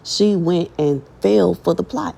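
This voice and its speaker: A woman's voice: fairly low pitch, a little slow, gravelly, warm tone. A woman giving a casual prophetic message to her online audience, chatty and emphatic, with slang and scripture read aloud. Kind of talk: casual prophetic preaching to camera.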